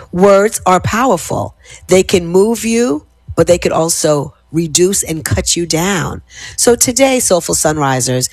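Deep-ish husky lady host, slow soothing affirmations, trails into whispers. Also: no echo. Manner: slow, measured, soothing delivery that drops to whispers. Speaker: wellness host. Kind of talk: guided affirmations talk.

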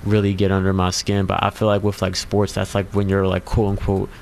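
Chill guy with a really low gravelly voice, lots of ums, faint background hum. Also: completely flat delivery, a little fast, darkish tone. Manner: laid-back, hesitant, many fillers. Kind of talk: casual talk show chat.

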